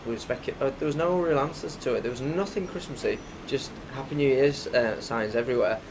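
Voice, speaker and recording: A man's voice: mid-range voice, fairly quick, background noise. A young man co-hosting a podcast, telling stories playfully and laughing often. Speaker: podcast co-host. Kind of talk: casual chat.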